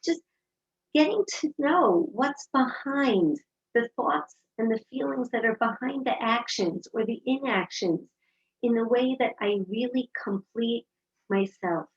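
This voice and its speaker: A woman's voice: fairly high pitch, unhurried, breathy edge. A woman giving an inspirational talk, telling personal stories and acting out the dialogue in them. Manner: animated storyteller acting out dialogue. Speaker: speaker giving a Torah talk. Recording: dull lo-fi recording.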